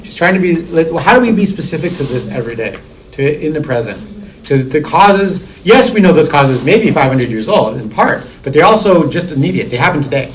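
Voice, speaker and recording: A man's voice: a little high, big pitch swings, brisk, a little hiss or hum, rough recording. Discursive male lecturer in a seminar. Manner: discursive, many restarts and "like" fillers. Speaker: university lecturer. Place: classroom.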